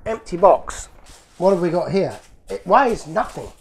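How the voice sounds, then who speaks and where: A man hosting a toy car channel, chatting casually and excitedly as he opens fan mail, laughing often. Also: high voice, measured pace. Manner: excitable, laughs often, talks to himself while opening parcels. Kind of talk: casual unboxing commentary.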